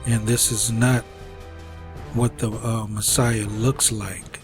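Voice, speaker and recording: Slow, lecturing man over music. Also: fairly low pitch, flat delivery. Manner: deliberate, lecturing, halting with fillers. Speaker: commentary host. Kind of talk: religious-history commentary. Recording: over loud background music.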